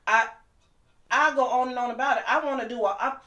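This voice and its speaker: A woman's voice: sits high, sharp tone. Middle-aged woman, aave, heated and emotional, voice bouncing round an echoey room. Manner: impassioned, talks fast and heated. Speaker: guest. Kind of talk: emotional personal storytelling.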